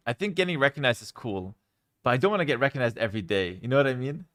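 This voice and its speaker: Relaxed Canadian-raised man chatting to his stream. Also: mid-range voice. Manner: relaxed, rambling, many ums and repeated words. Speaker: streamer answering chat. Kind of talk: casual livestream chat. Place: home.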